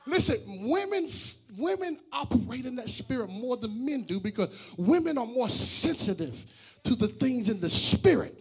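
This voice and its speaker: A middle-aged man, a pastor, preaching a sermon with loud shouted and sung lines that drop into quiet joking asides. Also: very high-pitched, sing-song, normal speed, gravelly, husky. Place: church sanctuary.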